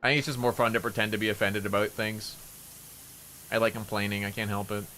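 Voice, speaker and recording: A man streaming a game, telling a story in lively casual chat with laughter and swearing. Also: fairly low pitch, fast talker, a little hiss or hum. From Canada.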